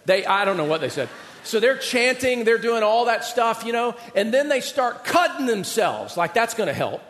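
A man preaching a sermon in an animated, conversational storytelling manner, recorded in a church sanctuary. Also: extremely high pitch, normal speed. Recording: reverberant hall.

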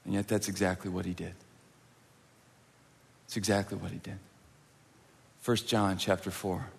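Male preacher going loud then whisper-quiet, big long echo in the hall. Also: sits low, level tone, normal speed, gravelly, husky. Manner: dynamic, swings from loud intense peaks to hushed near-whispers. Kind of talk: sermon.

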